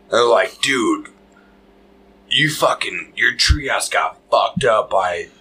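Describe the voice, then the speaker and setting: Husky, bright-voiced joking man host. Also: lowish voice, expressive, takes it slowly. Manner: crude joking banter, interrupts and teases. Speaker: podcast host. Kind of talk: casual chat.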